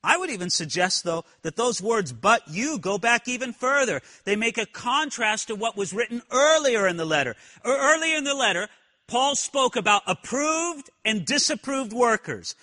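A man's voice: very high-pitched, sing-song, normal speed, sharp tone, long reverb tail. A man preaching a sermon in a church, earnest, often asking the congregation questions. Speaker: pastor. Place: church sanctuary.

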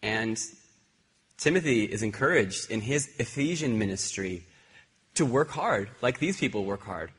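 A man preaching a sermon, telling animated personal stories with many restarts and repeated words. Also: fairly low pitch, unhurried. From Ireland. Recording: husky voice in a hall with long reverb.

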